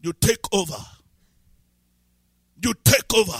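A man preaches a sermon with a high, bright and somewhat husky voice, recorded dry and close. He swings from low, reflective asides to shouted, sung-out declarations. He keeps repeating phrases and asking his listeners questions. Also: animated, a little slow, pauses often, dry recording. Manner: breaks into speaking in tongues. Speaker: pastor.

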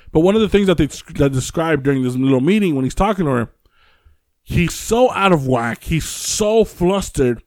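A man's voice: mid-range voice, no room sound, studio quality. Rambling podcast host, a man. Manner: rambling, many fillers and restarts. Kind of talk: casual storytelling chat.

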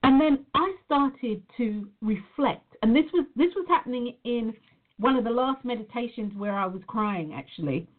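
A woman's voice: fairly high pitch, animated, moderate pace. A woman from Nevada speaking earnestly and reflectively to her viewers, often repeating her phrases. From Nevada, USA. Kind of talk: personal monologue to viewers. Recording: phone-like narrow sound.

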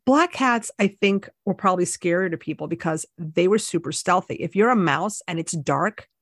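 A woman's voice: fairly low pitch, animated, moderate pace, no room sound, studio quality. A woman co-hosting a podcast, chatting casually and upbeat, explaining things from her prepared notes. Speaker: podcast co-host. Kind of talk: casual chat.

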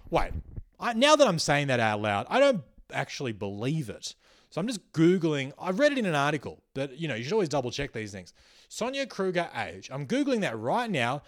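Sarcastic Australian man, lively ranting voice. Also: fairly high pitch, a little fast. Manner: sarcastic, animated, swears freely. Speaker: podcast host and comedian. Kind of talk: comedic podcast monologue.

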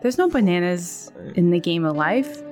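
A woman's voice: lowish voice, expressive, normal speed, darkish tone, soft background music, close to an everyday voice. A woman in an improv comedy scene playing a dopey, bewildered male chipmunk sidekick who talks in a flustered, protesting way.

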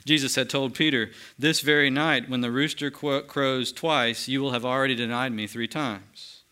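A man preaching a sermon, moving between lively emphasis and hushed, slow solemn passages. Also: medium pitch, clean tone. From United States. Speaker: pastor.

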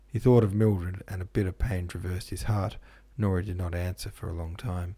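A man narrating a classic novel as an audiobook host, in a measured, even storytelling manner. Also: low-pitched, slightly rough. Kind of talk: scripted literary narration.

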